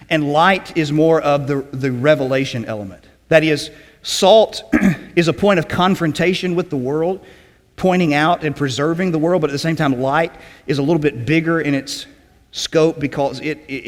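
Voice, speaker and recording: A man preaching a sermon in a conversational teaching way, often checking in with "okay?" and clearing his throat. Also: fairly high pitch, big-room sound. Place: church sanctuary.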